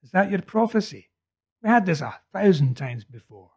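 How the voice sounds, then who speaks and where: A man voicing a skeptical, tough young man who talks bluntly, in a husky voice. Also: high-pitched, very animated, moderate pace, a little mellow, voice pushed up, heavily acted. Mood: scoffing.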